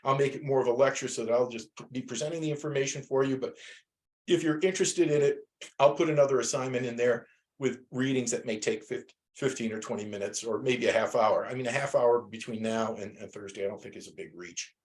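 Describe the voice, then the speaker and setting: A man's voice: medium pitch, a little fast. A man teaching a class over a video call, talking casually and rambling with many restarts.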